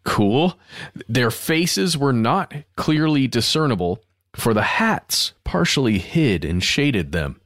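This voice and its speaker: A man with a mid-range voice co-hosts a podcast, and his pitch swings lively as he chats and reads quotes aloud. His sound is dry and close, with no room around it. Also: takes it slowly, no echo. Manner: lively, laughs easily, expressive reading. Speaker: podcast co-host. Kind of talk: casual conversation, reading quotes.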